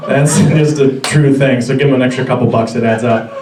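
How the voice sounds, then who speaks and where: A man's voice: mid-range voice, fairly even intonation, a little fast, noisy background. A young man in his twenties doing a stand-up comedy set on a club stage, rambling and self-deprecating with stammering restarts. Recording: roomy club audio from far off with crowd. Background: audience laughter.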